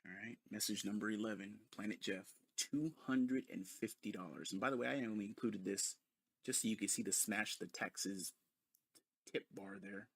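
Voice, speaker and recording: A man's voice: on the low side, moderate pace, husky, no echo. A man ranting in a sarcastic, mocking commentary full of profanity. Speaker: commentary video host.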